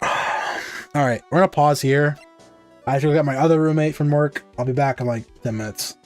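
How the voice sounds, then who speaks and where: A young male streamer chatting offhandedly between game scenes, his voice sitting fairly high for a man. Quiet music runs underneath. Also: fast talker. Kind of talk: casual game commentary.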